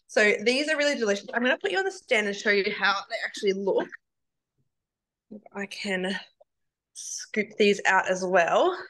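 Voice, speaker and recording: Bright-voiced woman, casual rambling cooking presenter. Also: medium pitch, lively intonation, brisk, hardly any pauses. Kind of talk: live online cooking demo.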